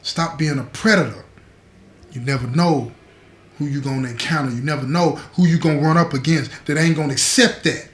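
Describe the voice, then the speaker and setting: A man's voice: fairly quick, reverberant. A man telling a story to his viewers in a streetwise, earnest way, speaking to them directly as "y'all" from inside prison. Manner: drops softer and lower as the story turns grave. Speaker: storyteller host.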